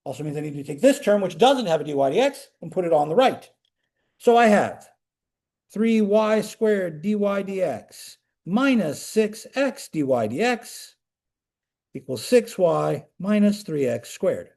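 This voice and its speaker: High-voiced man lecturing a class. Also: slow pace. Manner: animated, talks students through steps with questions. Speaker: calculus lecturer.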